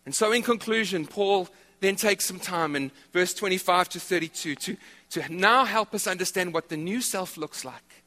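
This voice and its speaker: Male pastor, lively repetitive sermon delivery, bright tone, recorded in a reverberant church hall. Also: sits high, moderate pace. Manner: animated preaching with repetitions.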